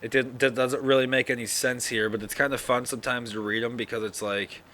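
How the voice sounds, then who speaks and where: Talking solo on the podcast he hosts, a sleepy man wanders from thought to thought with yawns, profanity and plenty of fillers. The voice is forceful and bright, ordinary in pitch, steady in tone and a little fast.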